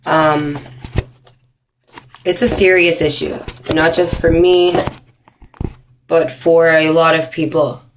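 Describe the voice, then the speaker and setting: A woman talking straight to camera in an earnest personal video, with many ums and pauses for emphasis. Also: deep voice, level tone, noisy background. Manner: earnest, frequent ums, speeds up and slows down for emphasis. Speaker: vlogger. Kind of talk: earnest direct-to-camera awareness talk.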